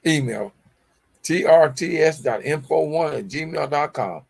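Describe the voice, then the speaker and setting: A middle-aged man with a gravelly, fry-edged voice hosts a motivational talk show. He preaches at his listeners, repeats his key phrases and keeps calling them y'all. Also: a little high, expressive, measured pace, a little mellow. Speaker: show host.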